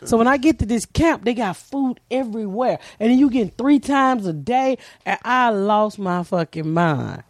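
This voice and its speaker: A woman's voice: a little high, expressive, normal speed, few pauses, no room sound, studio quality. A woman from Georgia, telling a comic story in casual chat, profane and laughing as she goes. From Georgia, USA. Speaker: comedian guest.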